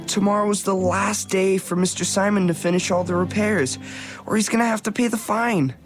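A woman's voice: mid-range voice, a little fast, over music, natural voice. A woman voicing an earnest, loyal teenage boy in an audio drama. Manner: earnest and encouraging.

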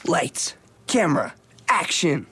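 A woman's voice: deep voice, very animated, slow, fairly bright tone, husky, heavily acted. A woman voicing an earnest, loyal teenage boy in an audio drama. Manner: earnest and encouraging.

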